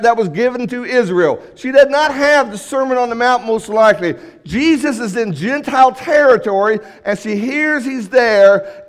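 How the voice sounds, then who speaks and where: High-voiced man preaching a sermon. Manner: emphatic, swings between loud and hushed. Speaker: pastor.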